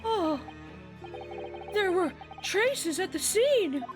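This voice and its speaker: A woman's voice: very high voice, very animated, music in the background, pitched above the performer's own voice, full character voice. A woman voicing a distraught male prison warder who stammers and weeps as he reads his lines. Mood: frantic. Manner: stammering, weeping, slow halting lines. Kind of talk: voicing game dialogue on a live stream.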